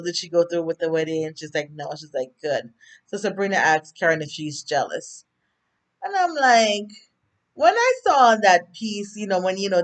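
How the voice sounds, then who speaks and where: Chatty Jamaican woman recapping a show. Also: lowish voice. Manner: chatty and rambling, many fillers and asides to viewers. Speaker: TV recap vlogger. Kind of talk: casual episode recap.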